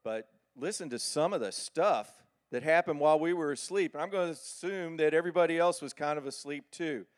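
A middle-aged man preaching a sermon with animated, folksy storytelling. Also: fairly high pitch, fairly quick, hardly any pauses.

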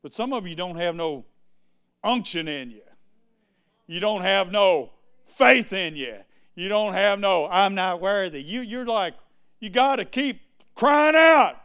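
An exuberant male preacher delivering a sermon in a high, very clear voice. He drawls slowly and breaks into whooping shouts, calling on the crowd to answer. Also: animated. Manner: exuberant, with sudden shouts and calls to the congregation.

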